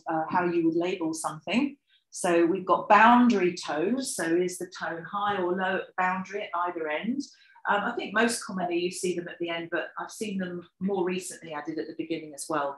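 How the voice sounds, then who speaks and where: A woman gives an academic lecture, her voice low-pitched and sitting in a roomy, echoing space. She explains patiently, with plenty of ums and small restarts. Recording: echoey lecture room.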